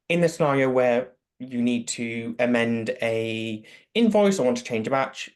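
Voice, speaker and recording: A man with a mid-range voice answers webinar questions as a product expert. He explains the steps practically and plainly over a video call. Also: mid-range voice. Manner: explanatory, matter-of-fact, practical.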